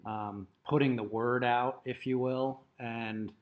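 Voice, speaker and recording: A middle-aged man co-hosting a talk, soft-spoken and easygoing, reading a passage aloud at a slow, measured pace. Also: mid-range voice, fairly even intonation. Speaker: co-host. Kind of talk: casual chat and reading aloud.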